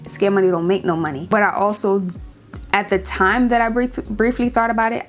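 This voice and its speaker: A young woman with a New York accent, chatting casually to her viewers in a Q&A vlog in an upbeat way. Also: mid-range voice. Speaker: YouTuber hosting her channel.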